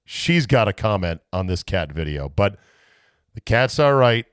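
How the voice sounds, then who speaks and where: Man, sports talk host, lively swooping voice, rambling monologue, dry close sound. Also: on the low side, a little slow, clear, resonant tone, no echo. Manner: rambling, self-mocking asides.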